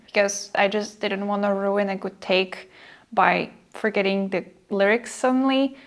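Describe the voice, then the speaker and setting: A woman narrating her music production vlog in a chatty, easygoing way, often breaking into giggles. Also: mid-range voice.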